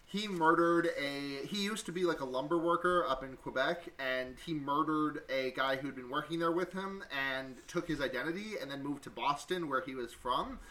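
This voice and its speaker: A man's voice: on the high side, moderate pace, hardly any pauses, bright, forceful tone. A man co-hosting a casual podcast about a film, rambling and restarting his sentences, with plenty of swearing. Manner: rambling, restarts often, profane. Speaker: podcast co-host.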